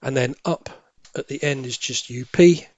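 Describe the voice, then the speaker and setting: A man thinking aloud as he works through cryptic crossword clues, musing and correcting himself, with quiet half-muttered asides. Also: mid-range voice, normal speed, no room sound. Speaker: crossword solving tutor.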